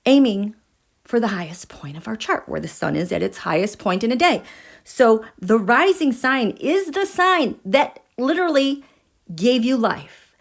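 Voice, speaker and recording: A woman hosting a live tarot and astrology stream, gushing with excitement, sometimes dropping to a breathy whisper and chatting with her viewers. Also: mid-range voice. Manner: checks in with viewers and reads their comments. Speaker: tarot and astrology livestream host.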